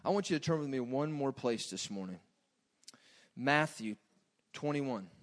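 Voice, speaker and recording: A man preaching a sermon in a loose, joking way that swings between quiet asides and loud bursts. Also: mid-range voice, lively intonation, a little slow.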